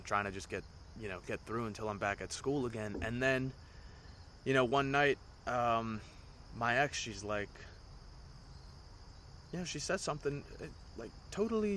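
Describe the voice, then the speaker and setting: Young male podcast host, low-pitched, bright and pushy tone, rambling and profane, crickets faintly behind. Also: a little hiss or hum. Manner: rambling, swears often. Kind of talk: casual storytelling monologue.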